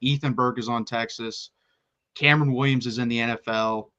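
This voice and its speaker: Bright, excitable sports-talk man. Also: mid-range voice, muffled recording. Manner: excitable, rapid-fire, restarts sentences. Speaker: college football podcast co-host. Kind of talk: casual sports chat.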